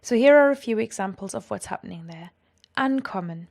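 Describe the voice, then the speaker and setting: A woman explaining grammar in a clear, patient lesson. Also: mid-range voice, lively intonation, brisk, darkish tone. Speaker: language teacher.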